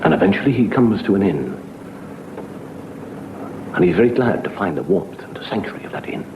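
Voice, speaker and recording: A middle-aged man, a comedian and host, telling a spooky tale slowly and dramatically, dropping to a hush in places, on a dull, hissy old TV recording. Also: low voice, animated. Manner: slow, dramatic, hushed in places. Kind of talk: theatrical storytelling.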